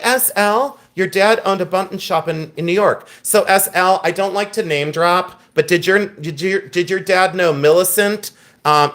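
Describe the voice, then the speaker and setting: A man's voice: a little high, a bit bright. A man hosting a live online jewelry sale, telling a story and pricing items in a chatty way, laughing at himself. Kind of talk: casual live-stream selling chat.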